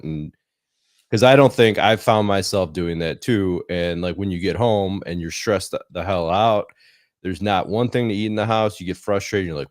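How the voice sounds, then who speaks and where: Low-pitched man, dry recording, measured and thoughtful podcast guest. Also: no room sound. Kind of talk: casual podcast chat.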